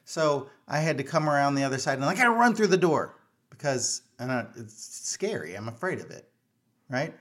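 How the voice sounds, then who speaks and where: A middle-aged man, talking casually to the camera in a voice of ordinary pitch. He tells a story in a chatty, self-mocking way, full of fillers and restarts. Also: lively intonation, brisk, fairly bright tone. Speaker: vlogger.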